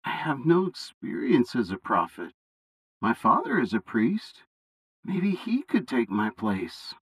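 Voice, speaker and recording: A man's voice: mid-range voice, wildly swooping pitch, measured pace, husky, dry recording, exaggerated voice, rough recording. A man voicing a timid young boy prophet who doubts himself, in a bible story reading, asking anxious, pleading questions.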